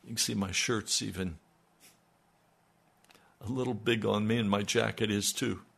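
Older male radio pastor, low-pitched and gravelly, slow earnest delivery. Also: steady tone, fairly bright tone. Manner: slow, earnest, dropping to near-murmurs. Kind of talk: radio sermon.

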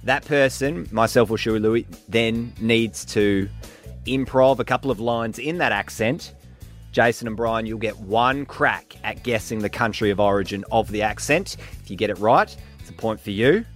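A man hosting a radio comedy game, with brisk, playful patter. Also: fairly low pitch, faint music behind. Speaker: radio host. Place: radio studio.

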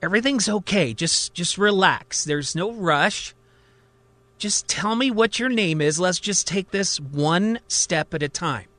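A man doing a calm, soothing woman doctor. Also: a little high, dry recording. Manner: soothing, slow, patient. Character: calm woman psychiatrist humoring her patient.

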